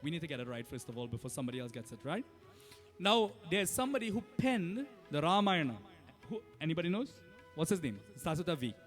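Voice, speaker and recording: A Trinidadian man with a high voice preaches as a Hindu pundit in a temple hall. He teaches in a friendly, conversational way, checking in with his listeners as he goes. Faint music sits underneath. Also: very animated, quick pace, a bit bright. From Trinidad and Tobago. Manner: conversational teaching with frequent "right?" and laughs. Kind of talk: sermon.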